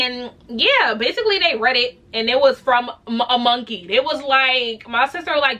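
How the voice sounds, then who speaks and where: A young woman telling a story in a casual vlog, animated and candid, swearing freely and acting out other people's voices. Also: on the high side, fairly quick, hardly any pauses. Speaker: vlogger.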